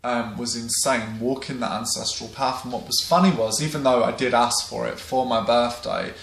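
A man's voice: mid-range voice, fairly even intonation, moderate pace, gravelly, fairly bright tone. A young man from England, talking casually to camera with a rambling, um-filled style and plenty of swearing. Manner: rambling, many ums, swears freely. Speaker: vlogger. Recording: roomy echo.

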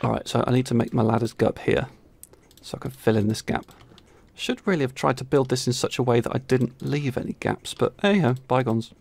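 A man's voice: mid-range voice, fairly quick, vocal fry, a little mellow. A young man co-hosting a gaming video, talking through his build with dry, wry remarks. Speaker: gaming channel co-host. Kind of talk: casual gameplay chat.

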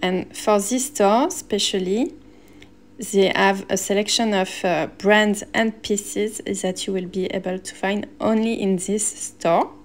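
Unhurried and mid-range, this woman narrates her shopping vlog as a personal shopper and stylist. She moves between Paris shops and a rooftop, keeping things relaxed and chatty while gushing over the pieces she finds.

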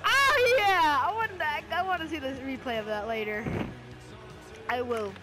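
A gamer reacting out loud to a hockey video game, excitable and quick to yell and groan, repeating words in rapid bursts. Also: mid-range voice, loud music behind the voice, low-quality recording. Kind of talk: live gameplay reactions.

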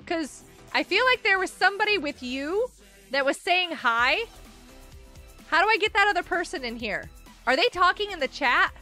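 A woman's voice: extremely high pitch, expressive, moderate pace, bright, forceful tone, faint music behind. A woman hosting a casual gaming livestream, chatting with viewers, giggling often and reading out chat messages. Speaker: livestream host.

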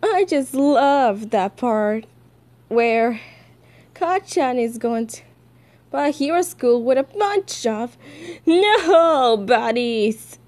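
A woman's voice: sits high, lively intonation, takes it slowly, mellow. A woman chatting casually about her comic dubs as a VTuber, in a rambling, self-amused way.

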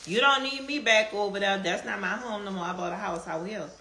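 A woman with a strong Southern drawl and relaxed slang chats casually with live stream viewers, answering comments and laughing often. Her medium-pitched voice moves a little fast, picked up by a phone in an echoey room with a faint background hum.

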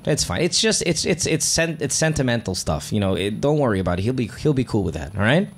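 A man's voice: mid-range voice, very animated, quick pace, husky. A man hosting a call-in advice show, blunt and teasing, with casual cursing. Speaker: radio advice show host.

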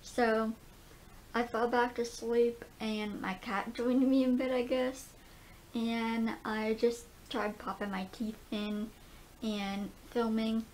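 A woman chatting casually to camera at home, lisping as she gets used to new dentures, with a relaxed rambling manner full of fillers. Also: a little high, slow, slight background noise. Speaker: vlogger. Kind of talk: casual vlog chat. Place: at home, indoors.

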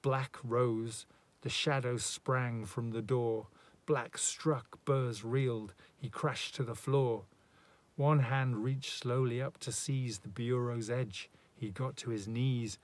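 A man's voice: medium pitch, steady tone. A man giving a dramatic, rhythmic reading of a rhyming narrative poem. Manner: measured, rhythmic verse delivery. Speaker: poetry reader.

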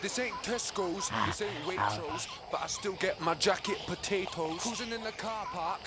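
A man doing a cocky high-voiced rapper. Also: animated, normal speed, heavy background noise. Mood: boastful. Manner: rhythmic rapping. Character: cocky young male rapper.

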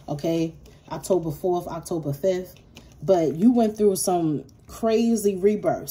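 A woman's voice: fairly low pitch, dark tone, a little hiss or hum. Profane, emphatic woman tarot reader. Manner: blunt, profane, emphatic and repetitive. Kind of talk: casual tarot reading.

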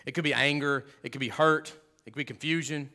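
A man preaching a sermon as pastor, emphatic and conversational, swinging from loud to hushed with humorous asides. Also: on the high side, fairly even intonation, fairly quick.

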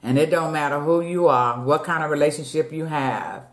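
A woman's voice: deep voice, moderate pace. A woman vlogger at home, chatting casually with her viewers while she eats. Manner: chatty, talks straight to viewers as "y'all", eats between words. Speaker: mukbang vlogger. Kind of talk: casual chat while eating. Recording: echoey room.

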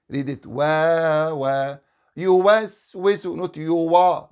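Male Quran teacher, slightly raised pitch, live online lesson, corrective syllable drills and chanted recitation. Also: vocal fry, darkish tone. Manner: drills letter sounds in short repeated syllables, corrective.

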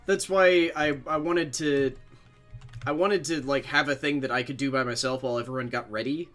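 A man's voice: mid-range voice, steady tone, normal speed, a bit bright, soft background music. A young adult man livestreaming a game, chatting casually with viewers in a rambling, self-deprecating way and swearing freely. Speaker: game streamer.

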